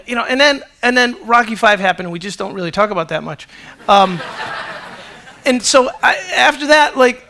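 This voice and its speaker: A middle-aged male pastor preaching a sermon to a congregation, telling stories animatedly and acting out the dialogue. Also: high voice. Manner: animated storytelling, acts out dialogue. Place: church auditorium with congregation.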